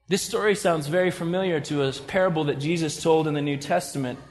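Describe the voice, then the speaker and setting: High-voiced male preacher in a reverberant hall. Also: quick pace, hardly any pauses. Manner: conversational preaching, retells scripture dramatically. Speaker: pastor. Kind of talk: sermon.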